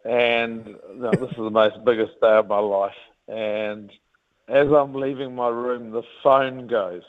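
A man in his fifties from New Zealand with a New Zealand accent, telling rugby stories as an interview guest in a rambling, animated way. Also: medium pitch, unhurried. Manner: rambling, animated, many restarts. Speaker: guest, former rugby captain. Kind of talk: casual interview storytelling. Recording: tinny phone-like line.

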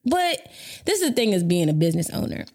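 A woman in her thirties, a business owner hosting a podcast, telling a story in a casual, animated way, swearing freely and laughing often. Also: fast. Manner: animated, profane, laughs often, jumps into high voices for quotes.

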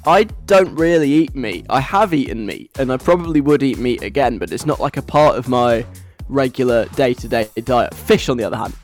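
A man's voice: mid-range voice, expressive, moderate pace, soft background music. A young man DJing on the radio, chatting casually in a giggly, rambling way.

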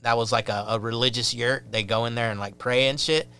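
Bright, clear-voiced profane storyteller. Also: male voice, mid-range voice, a little fast. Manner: loose, profane, animated storyteller. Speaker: podcast guest. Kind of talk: casual chat, storytelling.

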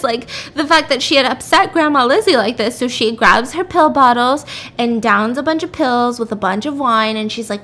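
A young woman hosting a podcast, casually recapping a story in an animated way and swearing playfully now and then. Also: a little high, normal speed. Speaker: podcast host.

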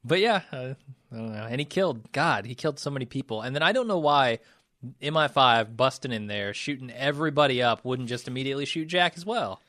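A man co-hosting a podcast, chatting in a measured, analytical way. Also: mid-range voice, animated, a bit bright, dry recording, clean studio sound. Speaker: podcast co-host. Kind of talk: casual chat.

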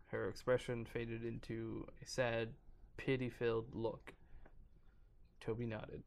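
A man's voice: medium pitch, little pitch movement, a little slow, gravelly. A man hosting a podcast, casually reading a horror story aloud and stumbling over words now and then. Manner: reads aloud, stumbles, breaks off to joke. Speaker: podcast host.

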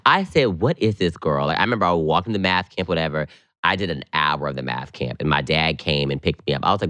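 A very low-voiced man co-hosting a podcast, telling stories in casual, slang-filled chat. His voice leaps up high whenever he gets excited, and the recording is dry and close. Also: fast talker, no echo. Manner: animated, slangy storytelling, leaps up in pitch when excited. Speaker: podcast co-host.

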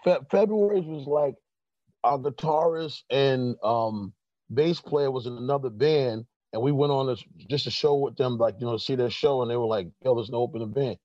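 A relaxed middle-aged man talks in a loose, rambling way, full of fillers and restarts. The sound is dry and somewhat dull, recorded close. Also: mid-range voice, moderate pace, no room sound. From New York. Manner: laid-back, rambling with many fillers. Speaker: guest. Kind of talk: casual chat.

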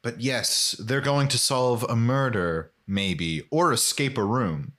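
A man chats casually on a podcast, recapping a sitcom episode with dry humor. His pitch sits in a middle range. He slips quoted lines into his retelling at a brisk clip. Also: a bit bright. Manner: wry, narrates the episode plot with quick quoted asides. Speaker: podcast host.

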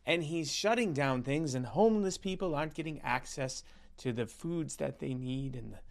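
A man doing a sarcastic, mocking impression of a male national leader, with a slow, drawn-out, whiny delivery. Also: medium pitch, creaky, natural voice.

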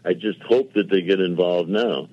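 Older man, low voice, husky, rambling anecdotes, dull lo-fi radio sound. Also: moderate pace, no room sound. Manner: rambling anecdotes with quoted dialogue and self-mocking asides. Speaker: television producer, guest. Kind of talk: casual interview storytelling.

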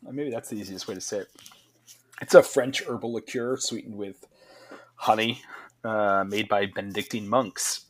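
A man's voice: fairly low pitch, fairly even intonation, moderate pace. A man hosting a podcast who works as a bartender. He chats loosely, laughs often and swears freely. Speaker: podcast host. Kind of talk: casual chat.

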